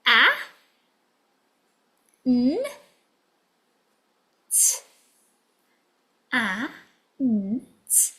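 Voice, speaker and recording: A woman's voice: a little high, sing-song, drawn-out words, pauses often, bright, forceful tone. A woman teaching a children's phonics lesson in a sing-song way, drawing out letter sounds and slipping into whispered asides.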